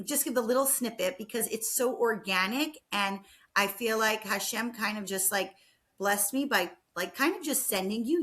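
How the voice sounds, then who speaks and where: A woman co-hosting a casual podcast chat, telling a story in an animated way with lots of "like" and "um". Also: a little high. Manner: animated storytelling with frequent fillers. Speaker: podcast co-host.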